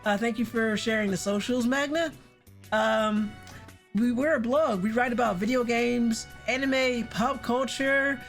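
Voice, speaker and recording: Gravelly-voiced woman streamer, chatty. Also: fairly high pitch, measured pace, soft background music. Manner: chatty, self-interrupting, wry. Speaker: game streamer. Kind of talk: casual live-stream commentary.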